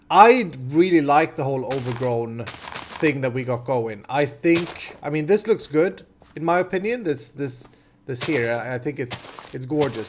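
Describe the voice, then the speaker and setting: A man's voice: medium pitch, a little hiss or hum. A man in his thirties with a Swedish accent, hosting a casual gameplay commentary and chatting in a rambling way with many restarts. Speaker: host.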